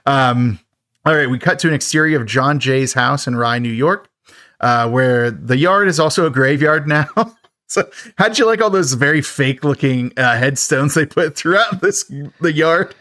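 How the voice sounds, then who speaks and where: A podcast co-host jokes and laughs often as he casually recaps a schlocky horror movie. His medium-pitched voice is bright and forceful at a normal speed, recorded in clean studio sound with no echo.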